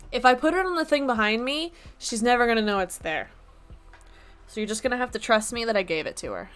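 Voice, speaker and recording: A woman's voice: on the high side, expressive, quick pace, a bit bright, soft background music. A young woman streaming from her apartment desk, chatting casually with a playful, self-mocking manner. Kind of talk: casual live-stream chat.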